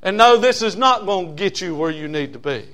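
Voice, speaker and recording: A man preaching a sermon as pastor, folksy, swinging from loud emphasis to low asides. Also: animated, brisk.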